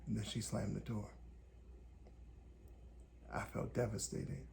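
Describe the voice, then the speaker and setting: A man from Indiana hosting a podcast, telling a personal story in calm, deliberate, short measured phrases. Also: on the low side, creaky, slight background noise. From Gary, Indiana, USA. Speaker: podcast host. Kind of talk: reflective personal storytelling monologue.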